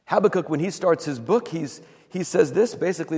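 Gravelly preacher in a reverberant hall. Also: male voice, on the high side, a little fast, hardly any pauses. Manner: animated storytelling, acting out quoted voices. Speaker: pastor. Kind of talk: sermon.

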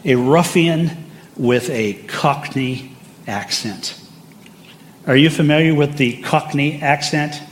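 A man's voice: medium pitch, slight background noise. An older man preaching a sermon, telling stories in a conversational way with side remarks. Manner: conversational and anecdotal, with asides. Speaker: pastor.

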